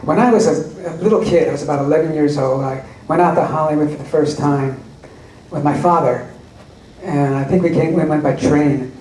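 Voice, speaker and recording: A man with a slightly high voice spins wry anecdotes while answering fan questions at a convention panel. He is caught from out in the audience, so he sounds far away in a roomy, echoing hall. There is a faint hiss of noise under him. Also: normal speed, darkish tone. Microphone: recorded from the audience. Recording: echoey hall recorded from far off.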